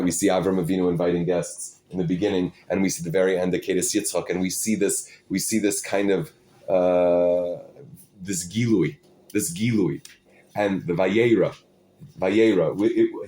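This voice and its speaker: A man teaching an informal Torah class, halting and restarting his phrases, peppering his English with Hebrew and Yiddish terms. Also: sits low, mellow.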